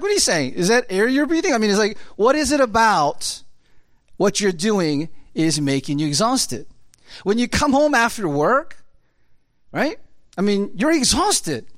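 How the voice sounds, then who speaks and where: A man preaching in a loose, chatty way, stacking up "you know"s and asides as he goes. His voice sits fairly high for a man, and the sound is close and dry with no room echo. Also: fairly bright tone. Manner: rambling and conversational, full of fillers, acts out dialogue. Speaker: pastor. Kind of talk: sermon.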